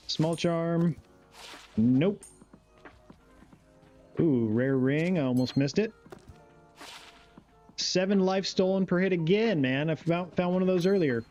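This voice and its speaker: A man's voice: on the high side, a little mellow. A man streaming a game live, chatting casually in a laid-back, rambling way and reading chat aloud.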